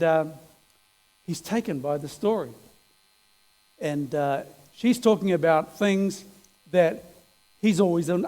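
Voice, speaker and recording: High-voiced preacher telling a story. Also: male voice, a little mellow. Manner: conversational, many fillers and restarts, rising in emphasis. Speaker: preacher giving a testimony. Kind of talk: sermon storytelling. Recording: echoey hall with mains hum.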